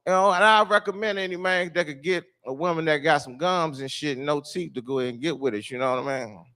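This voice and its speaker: A man doing a stand-up comedy set, telling a loose rambling story with lots of filler and swearing, breaking into shouted quoted voices. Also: fairly high pitch, fast talker. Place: live comedy show venue.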